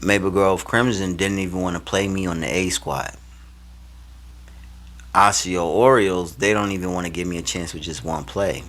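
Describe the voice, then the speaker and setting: Low-voiced young man telling a story. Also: moderate pace. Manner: animated, slangy, swings between loud and hushed. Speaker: vlogger. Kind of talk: casual personal storytelling.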